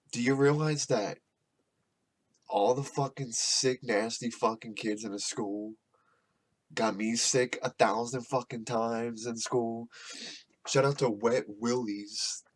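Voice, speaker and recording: Profane, rambling male podcast host. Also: mid-range voice. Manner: profane, rambling, laughs often. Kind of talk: casual rambling monologue. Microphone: podcast microphone.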